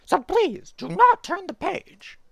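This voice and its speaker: A woman voicing a furry male monster puppet from a storybook, anxious and pleading in a high, strained voice. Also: sing-song, slow, vocal fry, fairly bright tone, no echo, full character voice. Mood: worried.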